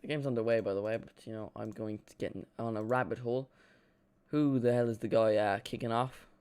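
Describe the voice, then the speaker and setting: A man streaming a live watchalong, giving casual, excitable play-by-play and chatting with his viewers, joking at his own expense. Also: lowish voice, a little fast, clean tone, dry recording. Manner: chatty and excitable, jokes about himself.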